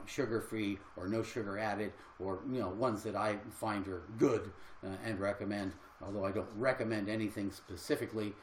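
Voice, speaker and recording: A man's voice: lowish voice, roomy sound, a little hiss or hum, low-quality recording. An older man and health coach talking casually on a livestream, earnest and rambling with fillers.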